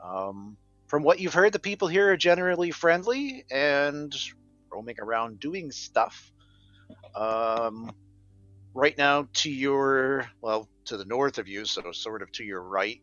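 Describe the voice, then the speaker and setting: A man's voice: medium pitch, expressive, a little slow, a bit bright, no room sound, soft background music. Male game master, easygoing scene-setting, dull lo-fi sound. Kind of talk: narrating a tabletop game.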